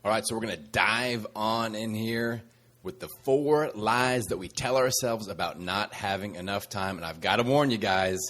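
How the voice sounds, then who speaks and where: A fitness coach hosting his own podcast, speaking in a slightly low male voice. He talks to listeners in an upbeat, motivational way, teasing them with a sassy edge while he coaches. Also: moderate pace, a bit bright, a little hiss or hum.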